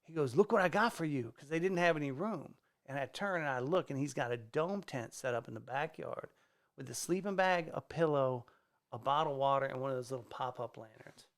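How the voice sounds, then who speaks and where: A man, a stand-up comedian, telling a casual story on a podcast, animated and swearing freely as he acts out the people in it. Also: mid-range voice, fairly quick. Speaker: guest comedian. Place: podcast studio.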